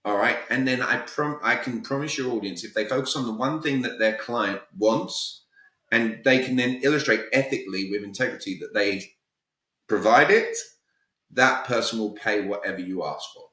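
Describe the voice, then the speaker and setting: A British man speaks as a guest coach in a podcast interview, direct and emphatic. His tone is bright and forceful. The recording is roomy and he sits a little away from the mic. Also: mid-range voice, moderate pace, far from the mic. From Britain. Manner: direct, emphatic, peppers talk with "all right?". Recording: roomy echo, voice a bit off-mic.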